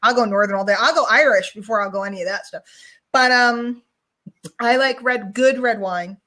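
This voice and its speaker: A woman's voice: fairly high pitch, moderate pace, bright, forceful tone. A woman hosting a casual online show, chatting in a rambling, storytelling way over a video call. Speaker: show host.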